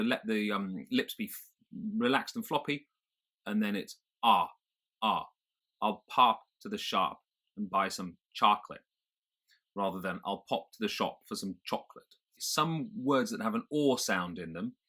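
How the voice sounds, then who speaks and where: Brief: British male accent coach, slightly low voice, explains and demonstrates sounds. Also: a bit bright. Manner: explanatory, demonstrates sounds, some hesitant fillers. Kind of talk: pronunciation lesson.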